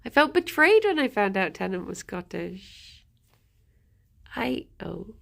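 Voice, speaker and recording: Chatty woman, gravelly. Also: medium pitch, very animated, normal speed. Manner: chatty and rambling, greets chat, laughs often; talks softly to her rabbits, sometimes whispering. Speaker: streamer. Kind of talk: casual live-stream chat.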